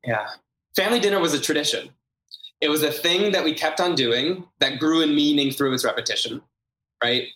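A man with a bright, forceful voice explains his ideas earnestly, often repeating words for emphasis. He talks as an interview guest. The room around him rings with a noticeable echo. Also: fairly high pitch, brisk, slight background noise. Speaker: guest, ritual designer. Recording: roomy echo.

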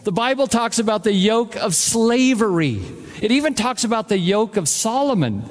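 A man's voice: high voice, sing-song, normal speed. A man preaching a sermon as pastor, emphatic and direct, repeating his key phrases to the congregation. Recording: long reverb of a large hall.

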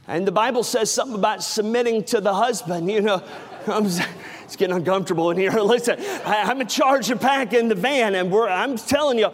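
Middle-aged male pastor, high voice, animated comic storyteller, sermon in a big echoing church. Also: a little fast. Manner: animated storyteller, acts out dialogue, self-mocking humor. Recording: reverberant hall.

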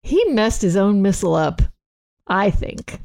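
A woman co-hosting a casual chat show from home, retelling scenes with lively put-on lines and frequent laughs. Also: mid-range voice, a little slow, gravelly. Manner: animated, acts out movie lines, laughs often. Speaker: podcast co-host.

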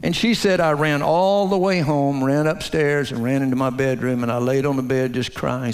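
A man preaching a sermon, telling a story in a folksy way and dropping to a hushed low voice to stress his points. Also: fairly even intonation, moderate pace, hardly any pauses. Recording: long hall reverb.

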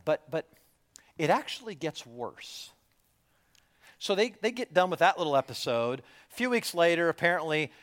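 A man preaching a sermon as a story, animated, jumping from loud bursts to hushed near-whispers. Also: on the high side. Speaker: pastor.

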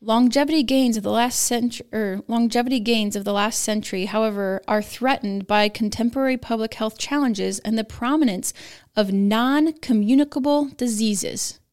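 A woman's voice: a little high, brisk, hardly any pauses, darkish tone, smooth. A woman guest in a podcast interview, talking earnestly and emphatically about policy. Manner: earnest, emphatic, rising to stress points. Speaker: nurse guest, advocacy founder.

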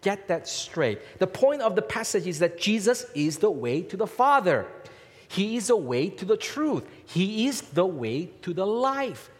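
A man preaching a sermon, emphatic and repetitive, his pitch rising and falling as he drives points home. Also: very animated, measured pace. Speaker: pastor. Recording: long hall reverb.

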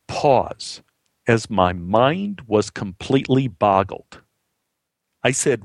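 Male storyteller, earnest, conversational, gravelly texture. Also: lowish voice, expressive, slow, no room sound. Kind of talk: spoken storytelling.

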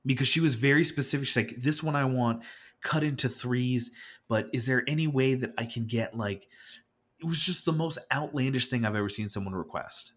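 A man's voice: mid-range voice, brisk, fairly bright tone. A man co-hosting a podcast, telling a story in casual chat, acting out quotes and swearing as he gets worked up. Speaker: podcast co-host.

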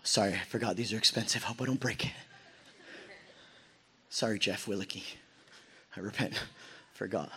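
A young man preaching a sermon, telling the story dramatically and acting out quoted voices, dropping to a hush and rising to a shout. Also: mid-range voice, husky. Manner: dramatic storytelling, swinging between hushed and shouted lines; acts out crowd voices in quoted asides.

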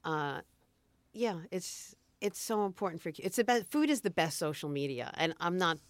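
A woman's voice: lowish voice, animated, moderate pace, no echo. A middle-aged woman food blogger on a podcast, chatting in an easygoing, thoughtful way with frequent restarts. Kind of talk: casual chat.

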